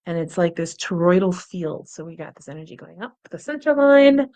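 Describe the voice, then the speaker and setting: A woman leads a guided meditation in a calm, gentle manner, her voice sitting a little low. She often lets her words drop to a soft, quiet hush as she breathes along with the listener. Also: normal speed. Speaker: meditation and wellness instructor.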